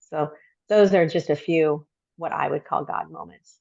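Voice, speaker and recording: A middle-aged woman telling a personal story as a podcast guest, reflective and halting, with many pauses. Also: low-pitched, steady tone, gravelly, darkish tone, no echo, muffled recording.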